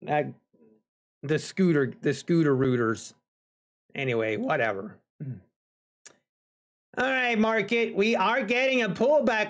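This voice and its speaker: A man live-streaming futures trading, chatting casually with viewers and talking to the market. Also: sits high. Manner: talks to the market and chat, drawn-out pauses.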